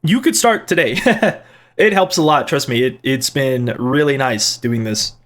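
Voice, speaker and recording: Going through viewer comments on his own channel, a man reads them aloud and answers in casual, playful chat, rambling with restarts and side jokes. His mid-range voice has a fairly bright tone and a measured pace.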